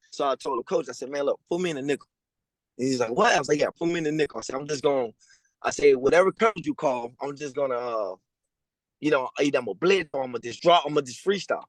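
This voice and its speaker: Animated man telling stories. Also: dry recording, rough recording. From Louisiana. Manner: animated storyteller, acting out quoted people in a higher voice; slangy and casual. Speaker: guest. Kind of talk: storytelling interview. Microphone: remote call over a weak connection.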